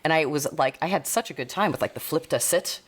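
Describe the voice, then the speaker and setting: A young adult woman dog trainer chatting on a podcast, animated and blunt, swearing freely. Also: quick pace, slightly rough. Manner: animated, swearing, swoops high when quoting. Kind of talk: casual podcast chat.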